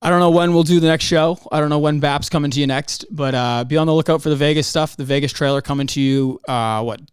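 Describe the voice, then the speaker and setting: A man's voice: fairly high pitch, steady tone, fast talker, clean tone, no echo, clean studio sound. A young man hosting a solo podcast, ranting in a heated, profane way. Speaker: podcast host. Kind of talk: angry solo podcast rant.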